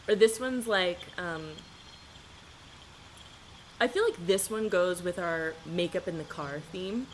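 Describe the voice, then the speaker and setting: A woman's voice: fairly low pitch, takes it slowly, pauses often, slight background noise. A woman streaming a video game live, chatting casually and rambling through stories with easy laughs.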